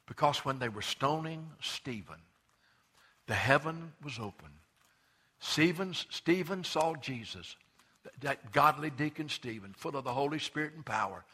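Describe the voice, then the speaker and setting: A husky, medium-pitched male pastor gives an emphatic yet conversational sermon. He swings between loud urging and hushed quiet, often repeating words as he restarts.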